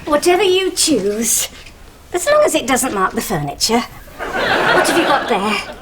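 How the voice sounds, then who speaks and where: A woman playing a cheerful wife who gently teases her husband in a sitcom. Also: sits high, big pitch swings, a little slow, over a noisy crowd, very noisy. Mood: teasing. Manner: gently teasing. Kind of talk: sitcom acting.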